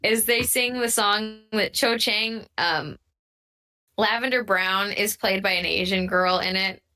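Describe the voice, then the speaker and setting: A woman co-hosting a podcast in casual chat, excitable and gushing, swearing freely. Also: mid-range voice, measured pace. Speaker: podcast co-host.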